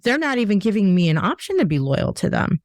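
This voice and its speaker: A woman's voice: medium pitch, big pitch swings, quick pace, no echo. List: woman, podcast host, casual chat, frequent "like" fillers, medium voice, dry recording. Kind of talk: casual conversation.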